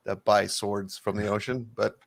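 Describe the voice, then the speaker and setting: A man's voice: lowish voice, moderate pace, gravelly, slight background noise. A man co-hosting a morning show, bantering casually and riffing on jokes and callbacks. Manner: animated, jokey storyteller who riffs on callbacks. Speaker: radio show co-host.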